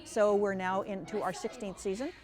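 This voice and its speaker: A woman speaking for a community theater company, calmly explaining its production in an informative way. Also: mid-range voice, moderate pace. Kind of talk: explanatory interview talk. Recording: loud music behind.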